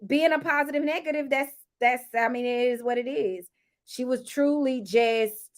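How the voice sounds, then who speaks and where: A woman's voice: high-pitched, lively intonation, slow. A woman with a Southern accent, chatting casually as she reviews a reality show for her viewers, laughing often and addressing them as y'all. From United States. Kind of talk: casual live review chat.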